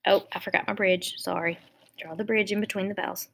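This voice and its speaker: A woman teaching a phonics lesson to young children, explaining each step slowly and patiently. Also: medium pitch, steady tone, gravelly, a bit bright.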